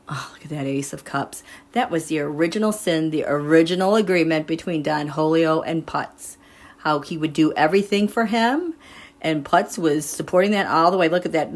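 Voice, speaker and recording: A woman reading tarot cards live, chatting in an animated way and laughing often. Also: low-pitched. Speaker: tarot reader.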